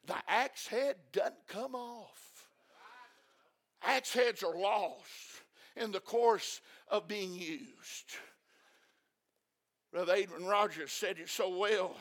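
A male preacher delivering an impassioned sermon, repeating phrases and breaking into shouts. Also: high voice, slow, long pauses.

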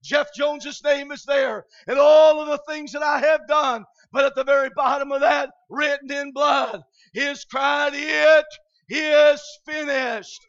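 A man from Michigan preaching an impassioned revival sermon, often shouting and filling pauses with "uh". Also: extremely high pitch. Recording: dull lo-fi recording.

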